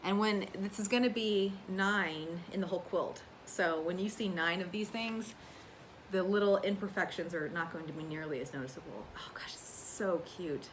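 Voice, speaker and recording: A woman's voice: fairly low pitch, normal speed, a little hiss or hum. A woman in her thirties from the United States, chatting casually and animatedly about her sewing projects and laughing at herself. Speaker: crafting vlogger. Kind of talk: casual chat.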